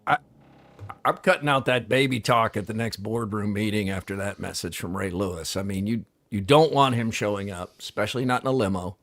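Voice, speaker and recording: A man's voice: fairly low pitch, fairly quick, a bit bright. Man, co-host, casual sports chat, conversational, amused. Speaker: radio co-host.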